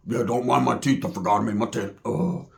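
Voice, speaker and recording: A laid-back, smooth-talking biker buddy with a low, drawling voice, as a storyteller puts him on. He sounds easy and worn, dropping well below the teller's own pitch. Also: fairly even intonation, brisk.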